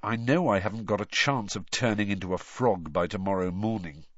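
A man's voice: lowish voice, fairly quick, no room sound, lo-fi sound, natural voice. A man voicing a tired teenage boy wizard who speaks wearily and wryly. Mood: weary. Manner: weary, wry.

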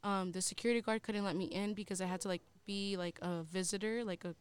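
Smooth-voiced young woman telling a story. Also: mid-range voice, fairly even intonation, quick pace, no room sound. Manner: rambling storytelling full of "like" and swearing. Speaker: podcast co-host. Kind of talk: casual chat.

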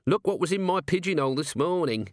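Brief: male reader as a cheeky, whiny young watchman, high and common-spoken. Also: animated, fast, no room sound, clean studio sound, lightly acted. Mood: eager. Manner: whiny, streetwise, common speech.

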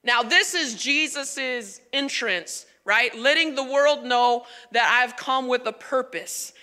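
Woman preaching at church, high bright voice, chatty and emphatic, big echoey hall. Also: takes it slowly, few pauses. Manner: animated, emphatic, conversational. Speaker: pastor. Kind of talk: sermon. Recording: long reverb of a large hall.

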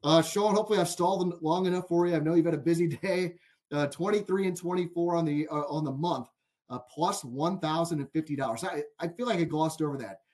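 A man with a fairly high voice hosts a casual sports betting podcast. He is chatty and amused, tells stories with a lot of "like", and leads the conversation between the other hosts. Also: fast, darkish tone. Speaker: podcast host.

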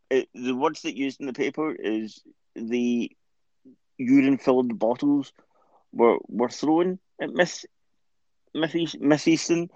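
A man's voice: medium pitch, a little mellow, no echo. Scottish male co-host, rambling sweary banter, dull dry close-mic sound. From Scotland. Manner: rambling, stumbles and restarts, laughs a lot. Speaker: podcast co-host. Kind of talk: casual sweary chat.

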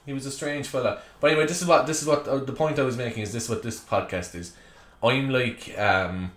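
An Irish man hosting a solo comedy podcast, ranting chattily with lots of joking asides, recorded in a small room at home. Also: fairly low pitch. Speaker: podcast host. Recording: echoey room.

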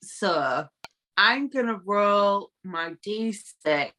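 A drunk woman playing a tabletop game, giggly with loud laughs. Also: mid-range voice, expressive, extremely slow, low-quality recording. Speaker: player. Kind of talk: casual tabletop game play.

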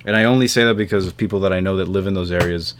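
A young man from the New York area with a lowish voice chats loosely on a podcast. He swears freely, trails off with "um" and "like", and keeps the talk relaxed and rambling. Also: rapid-fire, slight background noise. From New York tri-state area. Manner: casual, swears a lot, trails off with fillers. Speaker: podcast host. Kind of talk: casual group chat.

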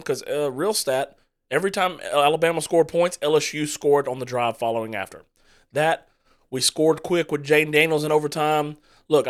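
A man's voice: fairly high pitch, clear, resonant tone. A man co-hosting a casual sports chat, rambling and passionate, prone to getting fired up. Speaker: podcast co-host.

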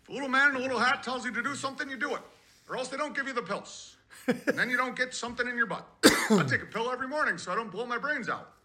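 A man doing a crude parody impression of an older former president, in a calm, measured delivery with odd pauses. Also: extremely high pitch, full character voice. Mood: mocking. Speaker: caller.

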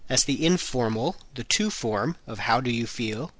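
A man hosting a podcast language lesson who repeats phrases slowly for learners. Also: mid-range voice, animated, fairly bright tone, no echo. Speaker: language teacher, podcast host.

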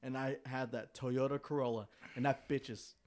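A man's voice: medium pitch, steady tone, normal speed, darkish tone. A young man in casual chat, telling a story with easy slang and frequent swearing. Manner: laid-back slangy storytelling, swears often. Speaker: friend in a group chat.

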